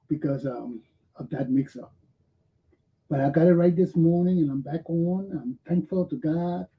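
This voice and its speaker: Guy hosting his talk show, folksy chatty opener, kinda muffled audio. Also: a little high. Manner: chatty, folksy, gives weather and apologies. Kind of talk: casual talk show opening.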